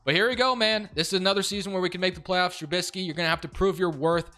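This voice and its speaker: A young man giving casual commentary over a football video game, excitable and quick to rant in frustration. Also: high voice. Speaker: gaming YouTuber.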